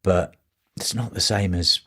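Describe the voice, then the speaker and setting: Low-voiced older man telling stories. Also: measured pace, pushed and bright, breathy edge. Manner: rambling, restarts, anecdotal with voiced quotes. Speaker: playwright guest. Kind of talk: casual interview storytelling.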